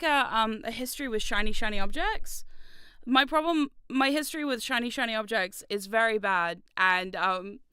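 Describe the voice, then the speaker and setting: Bright, excitable young woman streamer. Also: fairly high pitch, clear, resonant tone, no room sound. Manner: excitable, swears freely, bursts into laughter. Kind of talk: casual livestream chat.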